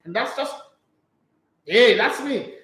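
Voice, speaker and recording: A man hosting a solo sports talk show, reading transfer news aloud and breaking into animated, mocking rants. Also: very high voice, takes it slowly, reverberant, low-quality recording.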